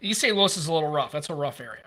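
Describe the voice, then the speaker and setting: A man's voice: fairly high pitch, very fast. A man in his fifties from the United States, co-hosting a podcast and telling stories in casual chat, swearing freely. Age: 50s. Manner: animated storyteller, swears freely. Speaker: podcast co-host.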